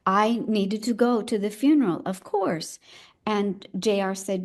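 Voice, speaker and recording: An older woman recounting her past in an interview, speaking in a reflective, halting way and stopping now and then to find the right words. Her pitch sits in the middle range for a woman, and her voice is neither high nor low. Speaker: elder midwife guest. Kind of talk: personal storytelling in conversation.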